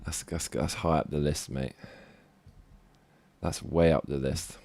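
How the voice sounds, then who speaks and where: A rapper and producer works in a music studio during a live stream, his voice rumbling low, steady, creaky, and a little mellow at a measured pace. He mutters half to himself and hums melody ideas, broken up by sudden bursts of hype.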